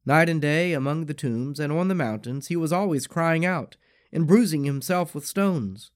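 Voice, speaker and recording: A man reading scripture and prayers aloud in a measured, expressive way. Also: on the high side. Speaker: scripture reader.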